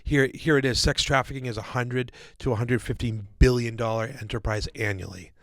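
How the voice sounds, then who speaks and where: A man's voice: mid-range voice, fairly even intonation, brisk, a bit bright, dry recording. Rambling man co-hosting a podcast. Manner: rambling, lots of fillers and restarts; casual, calls listeners "guys" and "dude". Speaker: podcast co-host. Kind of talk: casual podcast discussion.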